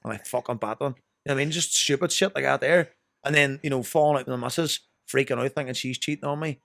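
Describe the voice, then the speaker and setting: A man's voice: a little high, steady tone, quick pace, creaky, a bit bright, dry recording. A young Northern Irish man telling rambling, sweary stories as a podcast guest. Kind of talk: casual chat.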